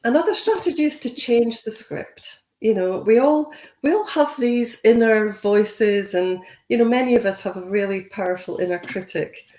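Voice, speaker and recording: A woman's voice: on the high side, moderate pace, darkish tone, echoey room. A woman giving a conversational training webinar, encouraging and full of "you know" fillers. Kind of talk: webinar talk.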